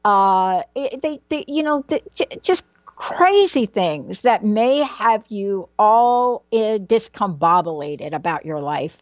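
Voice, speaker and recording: A woman's voice: mid-range voice, expressive, slow, hardly any pauses, no room sound, lo-fi sound. A woman giving a motivational talk about a book, emphatic and repetitive, building her points like a preacher. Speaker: speaker presenting a book.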